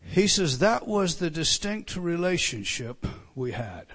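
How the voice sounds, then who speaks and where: A male preacher with a fairly high voice that swings widely up and down as he teaches. He stumbles and restarts often, then rises to loud, emphatic phrases before falling back to quiet asides. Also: measured pace. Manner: animated teaching, many restarts and stammered repeats; builds to loud emphatic lines, drops to soft asides. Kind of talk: sermon.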